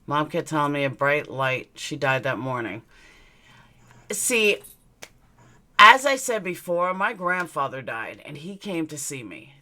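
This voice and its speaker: Low-voiced, forceful woman streamer. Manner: candid, blunt, swears freely; rambling personal storytelling. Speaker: live stream host. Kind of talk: casual live-stream chat. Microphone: webcam mic, looking into camera.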